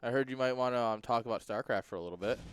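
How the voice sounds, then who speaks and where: A man casting a strategy game match in a relaxed, jokey play-by-play style, chuckling often. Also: mid-range voice, very fast, slight background noise. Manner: laid-back, chuckling, jokey. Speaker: esports caster. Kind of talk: casual play-by-play commentary.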